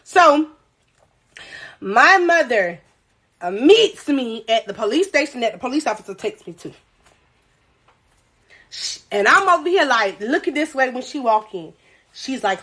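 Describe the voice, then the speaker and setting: High, bright-voiced woman telling a wild story. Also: normal speed. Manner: animated, profane, addresses viewers directly. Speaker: livestream storyteller. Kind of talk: casual storytelling on a livestream. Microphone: phone livestream.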